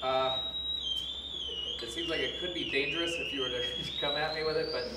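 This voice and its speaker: Wisecracking stage mentalist in an echoey theater. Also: male voice, fairly high pitch, steady tone, moderate pace, recorded from a distance, very noisy. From Denver, USA. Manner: dry, wisecracking asides. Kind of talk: live stage patter. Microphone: room pickup after his microphone failed. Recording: echoey theater from afar, music behind.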